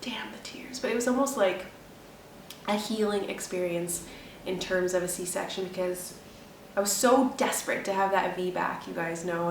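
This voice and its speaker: A woman's voice: lowish voice, distant mic. A young woman vlogger in casual chat, rambling and emotional, laughing often. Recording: roomy echo, a bit off-mic, faint hum.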